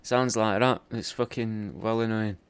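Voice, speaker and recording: A man's voice: lowish voice, fairly even intonation, a little slow, clear, resonant tone. Sweary man roasting someone. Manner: sweary, rambling, mock-insulting, says "mate" constantly. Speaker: podcast host recording paid video messages. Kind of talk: comedic roast monologue.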